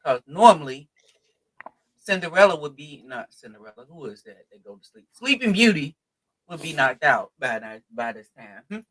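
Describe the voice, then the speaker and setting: A man's voice: on the high side, normal speed, rough recording. A man hosting a live online talk show over video call, playful and calling out to his viewers. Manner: lively, playful, calls out to viewers. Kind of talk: casual live-stream hosting.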